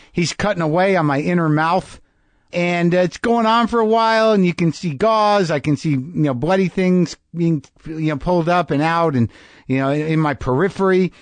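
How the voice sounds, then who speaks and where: A man's voice: on the high side, no echo. A man hosting a podcast, telling a rambling, self-deprecating story in a casual comedic monologue. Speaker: podcast host.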